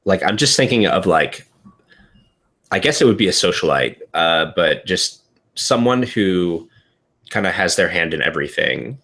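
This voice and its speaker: A man's voice: low-pitched, sing-song, normal speed, vocal fry, fairly bright tone. A man playing in a tabletop game, thinking aloud hesitantly about his character. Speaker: player. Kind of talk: casual tabletop game planning.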